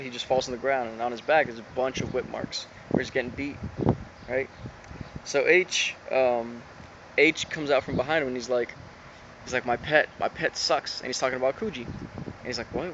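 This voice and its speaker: A man's voice: mid-range voice, a little fast, a bit bright. A man casually recapping an anime episode, rambling along with lots of fillers and retold lines. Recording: dull lo-fi sound with background noise.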